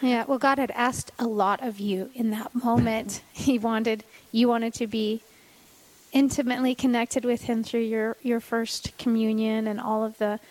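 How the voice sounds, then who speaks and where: A woman's voice: on the high side, flat delivery, measured pace, darkish tone, low-quality recording. A woman hosting an interview, asking questions in an encouraging way. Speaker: host.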